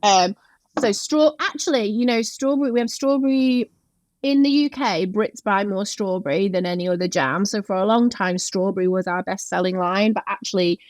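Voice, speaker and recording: A woman's voice: medium pitch, normal speed, no room sound. A woman from Yorkshire, a food brand founder, talking casually and keenly in an interview, with many "um"s and "like"s. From Yorkshire, England. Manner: enthusiastic, with frequent "um" and "like".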